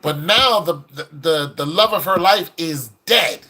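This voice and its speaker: A man's voice: a little high, measured pace. A man giving casual, preachy commentary, acting out the people in the stories he tells. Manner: animated, preachy, acts out quoted people. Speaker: video commentator.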